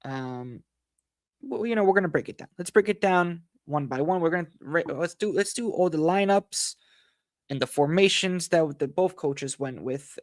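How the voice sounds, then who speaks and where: A man hosting a football analysis livestream, hoarse from losing his voice, talking in a frustrated, rambling way full of fillers and repeated phrases. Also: on the high side, no room sound, clean studio sound. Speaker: football channel host.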